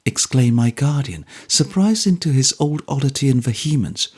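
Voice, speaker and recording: A man narrating a classic novel as an audiobook, reading in a measured, clear way. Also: medium pitch, lively intonation, darkish tone. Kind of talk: scripted narration.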